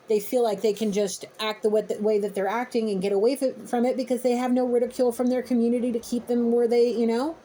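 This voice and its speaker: A woman's voice: a little high, dark tone. A woman giving a spiritual reading to her viewers, blunt, emphatic and casually profane. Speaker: intuitive reader.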